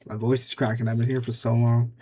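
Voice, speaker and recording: A man's voice: mid-range voice, level tone, fast, mellow, breathy edge. A young man giving casual gameplay commentary, muttering offhand, dry remarks to himself as he makes picks. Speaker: gaming YouTuber.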